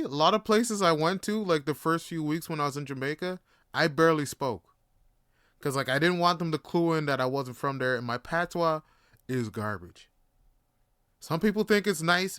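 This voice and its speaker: Young canadian guy riffing on his podcast, bright clear voice, lots of likes. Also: fairly high pitch, no room sound, clean studio sound. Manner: laid-back, rambling, swears, frequent fillers. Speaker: podcast host. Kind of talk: casual monologue.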